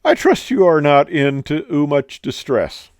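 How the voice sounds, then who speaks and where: A man's voice: on the high side, big pitch swings, slow, clear, resonant tone, no room sound, clean studio sound, pitched above the performer's own voice. A man putting on a British accent to play an understated, formal airline captain making a cabin announcement. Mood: formal calm. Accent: British, put on.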